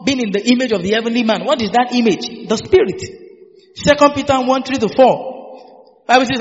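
Animated high-voiced man preaching in a hall. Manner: emphatic call-and-response preaching, repeating phrases. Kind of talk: sermon. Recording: dull hall reverb with faint music.

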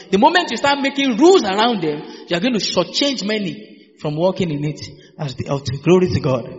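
A man preaching a sermon, drilling phrases with call-and-response and having the congregation repeat after him. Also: high voice. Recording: dull hall reverb with faint music.

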